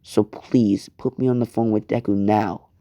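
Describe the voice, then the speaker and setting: A man's voice: on the low side, steady tone, mellow, dry recording, studio quality, lightly acted. A man doing a blunt urgent teen boy assassin. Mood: alarmed. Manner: stammering, hurried.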